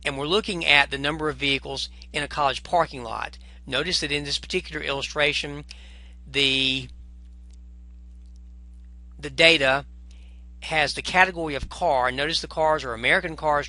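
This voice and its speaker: A man's voice: medium pitch, vocal fry, bright, forceful tone. A man teaching a recorded math lesson at a whiteboard, chatty and self-correcting, with apologetic asides as he goes.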